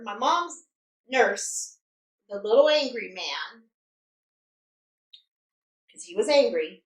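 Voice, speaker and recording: Animated woman telling a story, echoey. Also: high voice. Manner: animated storytelling, drops to quiet asides. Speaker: mukbang vlogger. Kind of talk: casual storytime. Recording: echoey room, distant mic.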